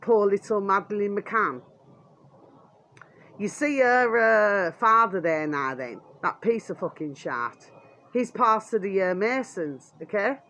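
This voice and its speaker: Animated yet slow, with a mid-range, slightly bright voice, a British woman angrily rants on her vlog. Her speech is blunt and coarse, full of swearing and the repeated filler "there we are."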